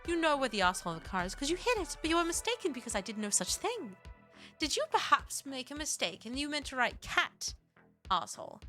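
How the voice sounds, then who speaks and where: A woman's voice: high-pitched, very animated, brisk, pushed and bright, soft background music, full character voice. A woman doing a prim, sarcastic letter writer. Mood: arch. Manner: mock-polite, arch. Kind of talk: dramatic reading of an online post.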